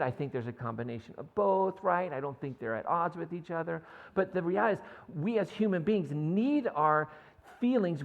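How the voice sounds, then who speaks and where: Male pastor with a gravelly, slightly high voice, casual chatty sermon style, long church-hall reverb. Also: phone-quality sound. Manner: conversational, frequent "right?" and "like". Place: church sanctuary.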